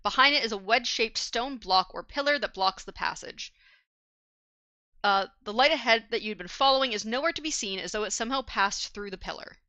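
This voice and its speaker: A woman's voice: a little high, a little fast, bright, forceful tone, dry recording. A woman narrating as dungeon master, describing scenes with many fillers and hums as she checks her notes. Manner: hesitant, filler-heavy description, hums while looking up notes. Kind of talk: narrating a tabletop game.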